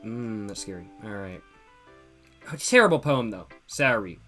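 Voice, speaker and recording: A man giving loud, joking, profane commentary as a gaming streamer playing a game. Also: lowish voice, animated, measured pace, faint music behind. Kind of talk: casual let's-play commentary.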